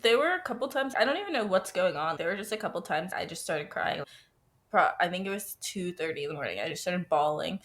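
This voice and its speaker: A woman's voice: on the low side, lively intonation, fast, fairly bright tone. A woman in her twenties co-hosting a podcast, chatting candidly and rambling, with casual swearing. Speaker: podcast co-host. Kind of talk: casual chat. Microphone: remote call.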